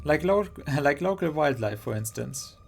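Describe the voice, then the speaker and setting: A man's voice: a little high, animated, unhurried, creaky, soft background music. A man reading a teasing young woman ghost hunter.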